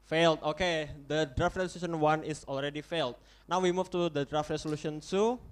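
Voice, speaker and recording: Halting young man with an Indonesian accent. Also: a little high, fairly even intonation, smooth. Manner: halting, repeats and corrects himself. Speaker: conference chair. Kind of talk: chairing a model UN vote.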